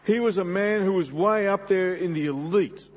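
A middle-aged man preaches a sermon to his congregation, speaking earnestly and directly. His voice sits high and moves at a moderate pace, captured on a dull, lo-fi recording.

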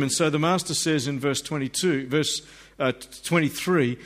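A man's voice: fairly high pitch, fairly quick. A middle-aged man, preaching a sermon and acting out the people in his stories. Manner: animated, acts out voices of people in the stories.

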